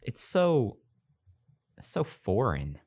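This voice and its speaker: A young man co-hosting a podcast, chatting casually with quick, teasing asides. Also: medium pitch, wildly swooping pitch, a little mellow, slightly rough, no room sound, studio quality. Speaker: podcast co-host. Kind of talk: casual chat.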